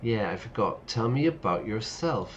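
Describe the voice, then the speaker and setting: A man's voice: lowish voice, expressive, normal speed. A man streaming a game and teaching English, playfully explaining words with many yeah? asides. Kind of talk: casual commentary while playing. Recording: dull lo-fi mic with faint noise.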